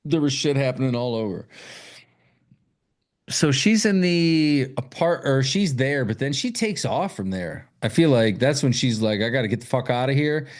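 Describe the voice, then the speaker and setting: A man's voice: medium pitch, unhurried. A man co-hosting a podcast, casually recapping a horror movie with lots of swearing and acted-out quotes. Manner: profane, animated retelling with quoted voices. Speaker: podcast co-host.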